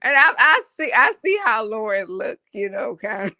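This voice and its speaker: Bright, lively woman, halting and dry. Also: fairly high pitch, dry recording. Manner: hesitant, halting, laughing often. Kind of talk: casual reaction chat.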